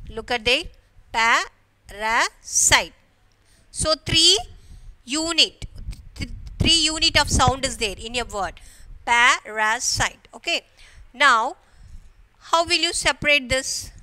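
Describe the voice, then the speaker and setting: A woman teacher with an Indian English accent giving a grammar lesson to schoolchildren, explaining slowly and repeating "okay" and questions to the class. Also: high-pitched, bright, forceful tone. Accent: Indian English, from Kerala. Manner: slow, repetitive explaining with frequent "okay" and rhetorical questions.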